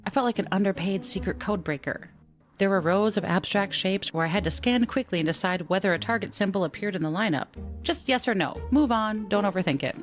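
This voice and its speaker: Woman podcast host, mid-pitched, measured storytelling voice with faint music underneath. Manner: measured, reading out digit sequences slowly. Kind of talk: narrated personal story.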